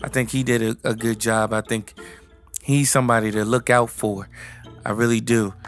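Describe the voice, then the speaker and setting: A man's voice: mid-range voice, normal speed. A man giving a casual, rambling movie review, full of fillers and restarts, with light music behind him. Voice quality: flat, rambling with many restarts. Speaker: film reviewer.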